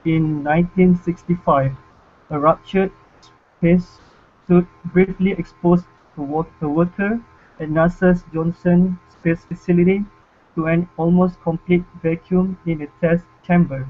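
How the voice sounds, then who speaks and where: A man's voice: high-pitched, steady tone, measured pace. A man studying English, reading a text aloud for his class in a careful way, sometimes stopping to restart a word. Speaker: language student. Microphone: video call. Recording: tinny phone-like call audio.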